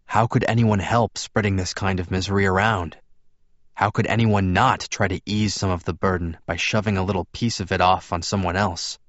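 A man narrating an audiobook in a steady first-person storytelling voice. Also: low-pitched, no echo. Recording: dull, dry lo-fi recording.

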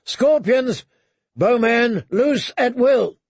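A man voicing a young male commander who shouts urgent battle orders from a wall. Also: sits high, takes it slowly, creaky, breathy edge, no echo, pitched above the performer's own voice, full character voice. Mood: commanding shouts.

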